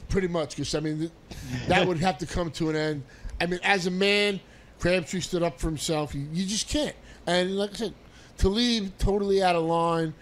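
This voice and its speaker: A man in casual sports talk, measured and firm in his opinions. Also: high voice, steady tone, fairly bright tone.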